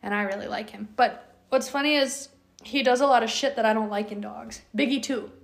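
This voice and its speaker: A woman's voice: a little high, a little fast, vocal fry. A woman hosting a podcast, telling dog stories in a blunt, casual way and swearing freely. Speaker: podcast host, dog owner.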